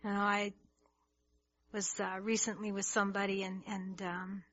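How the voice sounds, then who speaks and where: A woman delivers a sermon in a bright, forceful voice, earnest and emphatic, often repeating words as she builds. The recording is slightly dull and lo-fi. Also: mid-range voice, flat delivery, moderate pace, a little hiss or hum. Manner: earnest, emphatic, with many restarts and rising intensity. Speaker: preacher. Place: church hall with congregation.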